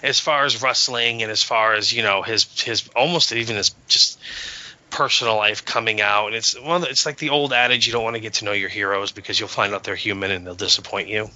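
A man with a low, very bright and forceful voice, talking casually and eagerly, full of "you know" and "I mean". The sound is dull and lo-fi. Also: fairly even intonation, a little fast. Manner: enthusiastic, storytelling with many fillers. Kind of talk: casual chat.

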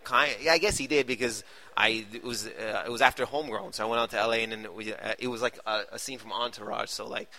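Male comic guest, loose rambling storyteller, bright voice. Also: mid-range voice, steady tone, fast talker. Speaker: stand-up comedian guest. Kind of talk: casual podcast chat.

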